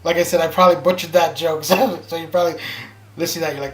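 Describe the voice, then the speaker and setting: A man's voice: fairly high pitch, steady tone, quick pace. A man streaming a game, chatting casually and telling stories in a rambling, chatty way with many restarts. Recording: roomy with background music. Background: stream background music.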